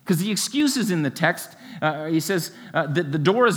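Male preacher, fairly high voice, lively delivery with rhetorical questions, long hall reverb. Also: normal speed. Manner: expressive, rhetorical questions, occasional laughs. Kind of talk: sermon.

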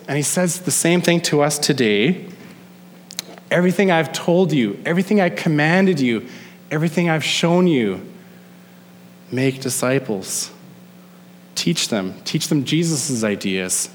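Man preaching in a reverberant hall. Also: on the high side. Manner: emphatic, slows down to stress key phrases. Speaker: pastor. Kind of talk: sermon. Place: church sanctuary.

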